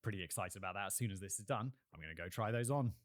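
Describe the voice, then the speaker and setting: A man's voice: on the low side, rapid-fire, dry recording, clean studio sound. A British man hosting a casual history talk, rambling into playful, jokey asides. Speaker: host.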